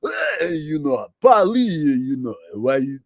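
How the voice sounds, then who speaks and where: A man impersonating a tough-guy male boxer, slurring and mumbling slowly with lots of "you know". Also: medium pitch, big pitch swings, gravelly, dry recording, clean studio sound, full character voice. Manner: slow, drawling, thick.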